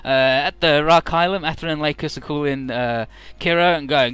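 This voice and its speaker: Man, playthrough commentary, joking, rambling, bright clear voice, soft game music. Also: fairly high pitch, normal speed, dry recording. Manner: joking, rambling, paraphrasing characters.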